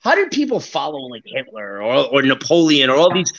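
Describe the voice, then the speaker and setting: A man's voice: medium pitch, huge pitch swings, fairly quick, highs cut off, over a noisy crowd. A man co-hosting a casual chat, talking emphatically and swearing freely.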